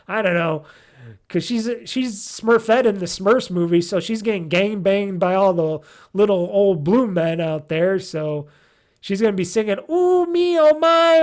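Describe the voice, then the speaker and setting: A high-pitched, slightly mellow male voice hosts a gaming podcast solo. He chats casually and rambles, full of ums and curse words while searching for names.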